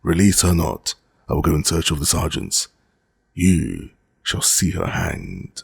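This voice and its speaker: A man's voice: a bass voice, big pitch swings, unhurried, vocal fry, breathy edge, full character voice. A man reading an audiobook, voicing a stern, vindictive priest who gives cold commands. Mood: commanding.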